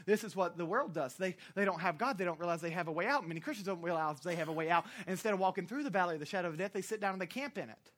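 Pastor, sermon delivery: bright and forceful, animated and jokey, shouts key points, lots of fillers. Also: mid-range voice, very fast, hardly any pauses. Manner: frequent "uh" fillers and self-corrections.

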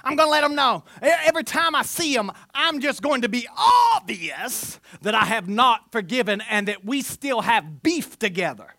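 A preacher giving an animated sermon, telling stories with humor and sometimes slipping into mock voices. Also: mid-range voice, normal speed, hardly any pauses, no room sound, studio quality.

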